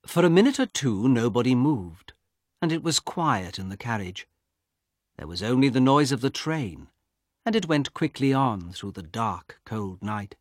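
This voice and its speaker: A man narrates a simple story very slowly and deliberately, his breathy voice lively in pitch. It's recorded dry and close, with no room sound.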